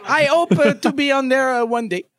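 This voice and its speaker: A man's voice: very high voice, a little fast, a bit bright. A man playing a boastful little boy with a Quebec accent. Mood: goofy. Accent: Quebec French. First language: French. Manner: childish voice with grown-up words, giggling. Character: boastful, precocious seven-year-old boy.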